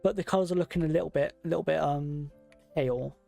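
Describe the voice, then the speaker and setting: A game streamer talking casually to the audience while placing furniture, thinking each choice through aloud. The voice has a noticeable gravelly fry to it, and soft game music plays underneath. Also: mid-range voice, quick pace. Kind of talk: casual gameplay commentary.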